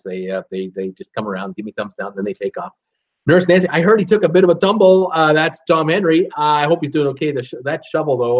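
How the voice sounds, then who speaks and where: A man's voice: mid-range voice, highs cut off. Man reading live chat, fillers galore. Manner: reads viewer comments aloud with many fillers and restarts. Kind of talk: casual live-stream chat.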